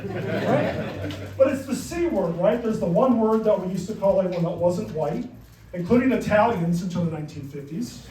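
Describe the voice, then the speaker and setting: A middle-aged man doing a punchy, deadpan stand-up comedy set in a comedy club. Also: sits high, slight background noise. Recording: roomy club sound, mic far off, crowd. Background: audience laughter.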